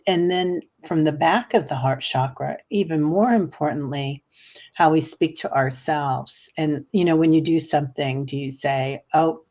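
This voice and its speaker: A woman with a notably low voice talks animatedly as a psychic guest on a livestream. She tells stories in a chatty way with plenty of fillers. Her audio sounds muffled and lo-fi. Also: darkish tone. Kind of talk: livestream conversation.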